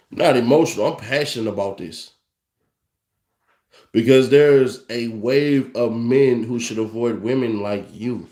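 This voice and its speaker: In an echoey room, a young man with a warm, mid-range voice delivers an unhurried, profanity-laced rant to camera as a commentary host, brash and mocking with frequent laughs.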